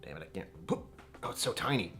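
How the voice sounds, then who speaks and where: Guy rambling through a whiskey stream at home, lowish voice that bounces all over, bit of music behind. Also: animated, very fast, pushed and bright. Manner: rambling, joking, self-interrupting. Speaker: whiskey channel host. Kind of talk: casual live-stream tasting chat.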